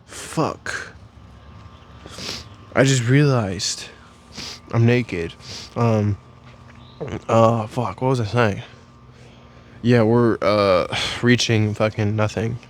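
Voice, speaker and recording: Young man, lowish voice, crude jokey vlog, rambling with fillers. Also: slight background noise. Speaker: vlogger. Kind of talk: casual comedic vlog.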